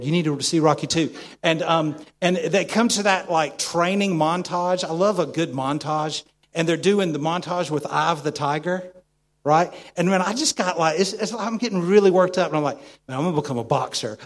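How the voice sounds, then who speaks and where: A middle-aged man preaching to his congregation in a loose, talkative style. His voice sits a little high for a man and keeps breaking into asides and quick questions to the room. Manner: animated, conversational preaching with frequent asides. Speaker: pastor. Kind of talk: sermon.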